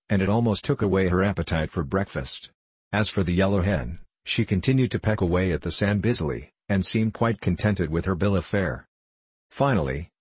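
A man with a husky voice narrating a children's story in a steady, even audiobook reading. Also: sits low, no echo.

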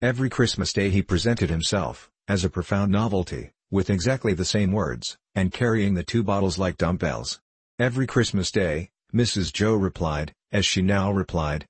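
Low, husky male narrator. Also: animated, no room sound. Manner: measured, first-person storytelling. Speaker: audiobook narrator. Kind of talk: scripted narration of a novel.

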